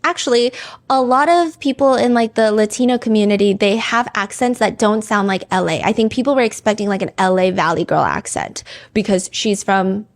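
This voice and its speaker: A woman's voice: mid-range voice, a little fast. A woman hosting a true crime show in a casual, chatty way, reading song lyrics and comments aloud with many "like" fillers.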